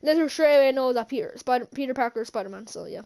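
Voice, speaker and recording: High-voiced woman rambling through a movie recap. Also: lively intonation, very fast, mellow. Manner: rambling, hesitant, many fillers and restarts; chuckles often while recounting scenes. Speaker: channel host, film reviewer. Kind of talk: casual movie recap vlog.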